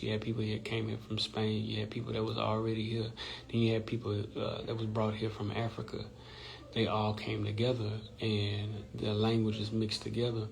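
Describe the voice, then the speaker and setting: Gravelly, low and flat, this host from Louisiana explains things on an informal live stream, repeatedly asking "right?". The audio, captured by a phone or computer mic on social media, is poor.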